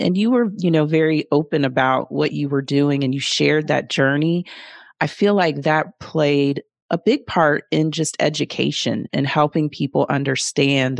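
A woman's voice: low-pitched, creaky, dry recording. A woman interviewing her guest, speaking in an earnest, sympathetic way. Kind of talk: conversational interview.

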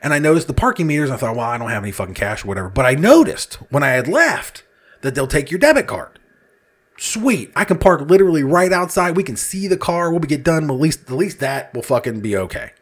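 A man's voice: fairly high pitch, lively intonation, quick pace. A man telling a casual, comedic story, swearing freely and laughing at his own exasperation as he acts out other people's lines.

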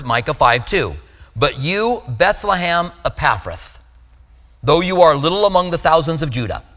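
Bright-voiced man preaching in a hall. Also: a little high. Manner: conversational, with asides and self-corrections. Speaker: pastor. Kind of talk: sermon teaching.

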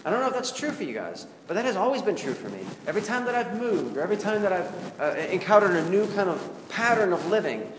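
A man's voice: high-pitched, big pitch swings, fast, few pauses. A male pastor giving a conversational, confessional sermon and putting rhetorical questions to his congregation. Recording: echoey hall with background noise.

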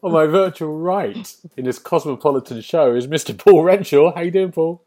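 A man hosting a casual podcast chat, jokey and upbeat, quick to laugh. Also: a little high, mellow. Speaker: podcast host.

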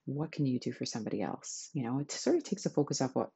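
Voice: mid-range voice, very animated, quick pace, gravelly, dark tone, breathy edge, muffled recording. A podcast host giving a chatty, enthusiastic self-help talk to listeners.

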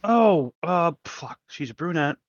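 A man's voice: a little high, animated, measured pace, muffled recording. A man co-hosting a casual podcast, chiming in with wry, profane asides. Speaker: podcast co-host. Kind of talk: casual chat.

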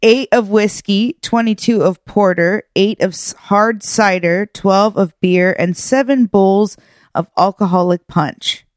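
A woman's voice: medium pitch, dry recording, studio quality. A woman co-hosting a podcast in loose, casual chat, drawing out her words and laughing often. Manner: giggly, drawn-out, loose delivery. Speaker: podcast co-host.

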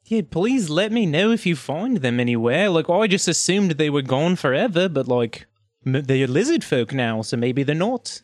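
A man playing in a tabletop game, speaking in character in a halting way full of fillers. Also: fairly high pitch, big pitch swings, dry recording, studio quality. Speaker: player.

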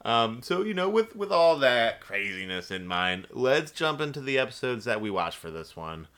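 A man's voice: medium pitch, sing-song, moderate pace, fairly bright tone, smooth. A man hosting a podcast in casual chat, talking loosely with many fillers and steering the show between segments. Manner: chatty, filler-heavy, hands segments to co-host. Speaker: podcast host.

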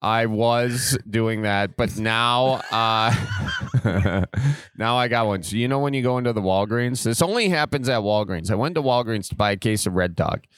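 A man's voice: fairly low pitch, normal speed, fairly bright tone, smooth. A man in his twenties from Wisconsin, co-hosting a casual podcast, rambling and sarcastic, often trailing off mid-sentence. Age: 20s. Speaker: podcast co-host.

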